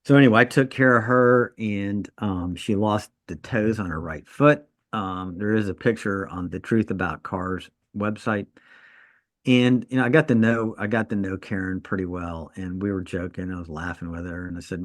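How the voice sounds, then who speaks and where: A man's voice: deep voice, moderate pace, no echo. A man co-hosting a podcast, a trauma surgeon telling stories in casual chat and laughing at his own jokes.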